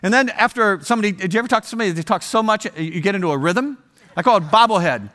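A man's voice: high voice, expressive, very fast, bright, forceful tone. A man in his sixties from Ohio, a guest speaker telling a story in a humorous sermon, with joking asides to the audience. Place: church auditorium.

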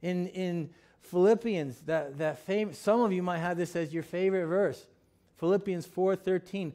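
Male pastor, fairly high voice, conversational sermon delivery with many ums and restarts. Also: warm tone. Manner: reads scripture slowly, then preaches with many fillers and restarts. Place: church sanctuary.

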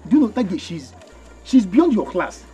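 A man's voice: high voice, very animated, moderate pace, dark tone, faint music behind. An actor playing a boastful, teasing young man with a Nigerian Igbo accent, mocking a friend in mixed Igbo and English.

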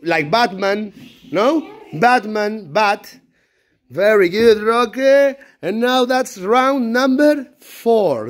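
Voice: mid-range voice, expressive, takes it slowly. A primary school teacher running an animal-word game in a classroom, praising and directing the children. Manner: encouraging, praising each child.

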